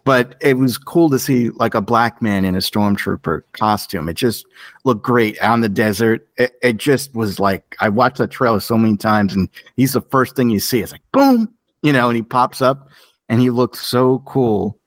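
A man co-hosting a podcast in casual chat, opinionated and animated, jumping up in pitch for emphasis. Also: moderate pace, dry recording. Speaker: podcast co-host.

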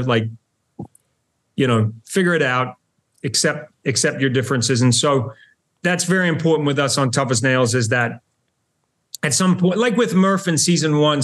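A middle-aged man with a New Zealand accent, chatting animatedly as a guest on a podcast interview. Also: mid-range voice. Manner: chatty and animated, with many restarts and laughs. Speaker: show host, podcast guest.

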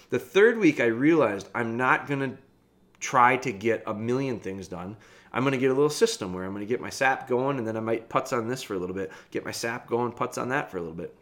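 Man, podcast host, casual storytelling, rambling, self-correcting, mid-pitched voice. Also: fairly bright tone.

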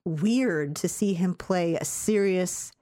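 A woman co-hosting a podcast, chatting casually about a film in a rambling, hesitant way that turns animated when she has strong opinions. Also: on the low side, slow. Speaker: podcast co-host reviewing a film. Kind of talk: casual chat.

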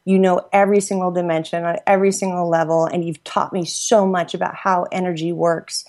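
A woman's voice: on the low side, flat delivery, a little fast, darkish tone. A woman hosting a podcast, effusively thanking guests and friends in a rambling, casual way with frequent laughs. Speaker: podcast host. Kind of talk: casual gratitude shout-outs. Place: Los Angeles.

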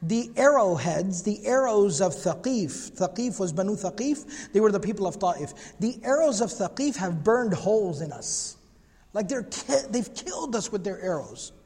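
A man's voice: sits high, expressive, moderate pace, darkish tone, breathy edge. A man teaching a religious lecture class, emphatic and repetitive, often asking rhetorical questions and reciting Arabic phrases. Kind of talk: lecture class on prophetic biography. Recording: long hall reverb.

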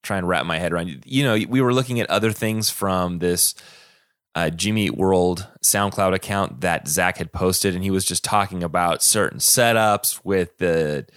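A laid-back man on a music podcast who talks haltingly, with lots of fillers. His voice sits a little low, and the sound is dry and close. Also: a bit bright, smooth, dry recording. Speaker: podcast co-host. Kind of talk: casual chat about music.

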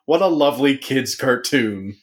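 A man's voice: medium pitch, lively intonation, normal speed. A man hosting a casual comedic podcast, joking around and putting on a sportscaster-style intro voice. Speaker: podcast host. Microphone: remote call recording.

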